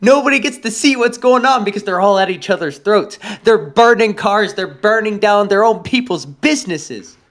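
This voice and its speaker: A man's voice: high-pitched, expressive, normal speed, few pauses. A man co-hosting a livestream chat, lecturing bluntly on a topic and often checking in with "all right?". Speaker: livestream co-host. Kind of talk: casual political chat.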